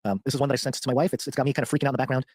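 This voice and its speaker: A man's voice: mid-range voice, fairly even intonation, racing, a little mellow, no echo. A man co-hosting a podcast who rambles, restarts his sentences and laughs easily. He is a father of young children. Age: adult with young children. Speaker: podcast co-host. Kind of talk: casual chat.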